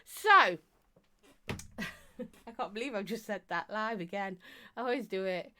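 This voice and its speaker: A woman's voice: mid-range voice, lively intonation, measured pace, bright, forceful tone. A middle-aged woman, chatting on a live stream as she reads out viewer comments, teasing and talking non-stop with bursts of laughter. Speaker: vape reviewer and live streamer.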